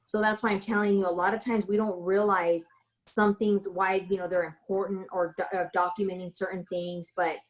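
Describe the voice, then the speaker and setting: A woman's voice: medium pitch, little pitch movement, normal speed, low-quality recording. Chatty woman real estate broker. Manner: chatty, frequent fillers and restarts. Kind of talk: casual tutorial with anecdotes.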